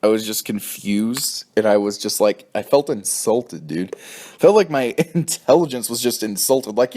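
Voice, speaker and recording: A man reviewing a TV episode in an angry, profane rant. He sounds exasperated, and his voice leaps up high when he gets indignant. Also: animated, a little slow, darkish tone. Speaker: TV show reviewer.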